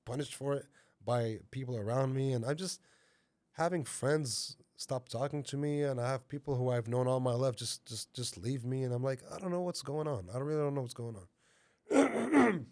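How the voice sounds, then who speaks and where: A man's voice: mid-range voice, lively intonation, moderate pace, a little mellow, no room sound. A man who is a podcast guest, sharing a personal testimony and animatedly repeating himself as he tells his story.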